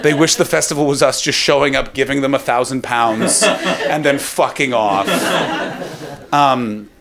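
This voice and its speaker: A man doing stand-up, spinning long rambling stories. He talks at a middling pitch, and keeps breaking into animated quotes. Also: a little slow, gravelly, over a noisy crowd. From Canada. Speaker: stand-up comedian. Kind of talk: stand-up storytelling.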